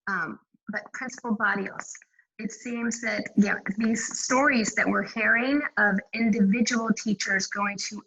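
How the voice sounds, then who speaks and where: A woman's voice: medium pitch, sharp tone, a little hiss or hum, rough recording. A woman moderating an online panel discussion, asking appreciative questions.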